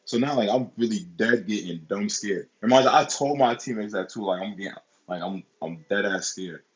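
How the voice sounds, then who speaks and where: A man's voice: lowish voice, moderate pace, husky, lo-fi sound. A man in his twenties telling a personal story in a casual, rambling, profane way, repeating himself often.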